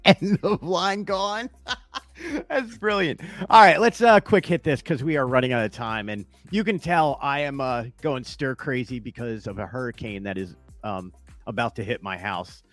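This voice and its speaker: A man's voice: medium pitch, expressive, normal speed, a bit bright, no room sound, soft background music. A man co-hosting a podcast at home, chatting casually and rambling, with frequent laughs. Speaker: podcast co-host. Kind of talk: casual chat.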